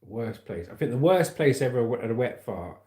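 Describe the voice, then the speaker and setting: A man's voice: mid-range voice, animated, normal speed, mellow, echoey room. A man hosting a casual livestream, chatting cheekily and laughing as he reads out viewer comments and news stories. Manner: chatty and cheeky, laughing at his own jokes. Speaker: livestream host.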